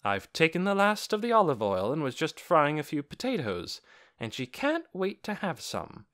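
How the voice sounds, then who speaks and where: A man reading aloud and voicing a middle-aged village woman who is puzzled and stern, in a raised falsetto with a fussy, questioning manner. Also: wildly swooping pitch, moderate pace, fairly bright tone.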